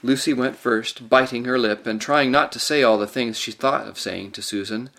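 A man narrating a storybook in an expressive, varied way. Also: mid-range voice, normal speed, vocal fry. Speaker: audiobook narrator.

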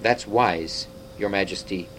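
Man voicing a gentle humble badger, lower and softer, agreeable. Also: measured pace, a little hiss or hum, rough recording. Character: humble, kindly male badger.

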